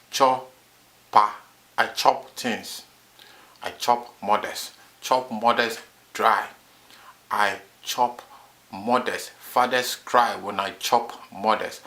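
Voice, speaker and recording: Slow, bright-voiced man teaching words. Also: lowish voice. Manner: boastful, repeats words in drills. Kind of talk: comic language lesson.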